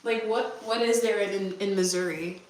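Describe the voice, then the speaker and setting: A woman's voice: mid-range voice, fairly even intonation, moderate pace, slight background noise. Chatty young woman with a Californian accent, casual rambling vlog talk; mic set far off, roomy bathroom echo. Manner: rambling, chatty, answers viewer questions aloud. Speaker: vlogger. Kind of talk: casual chat while cleaning. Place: bathroom at home. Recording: echoey bathroom, voice from afar.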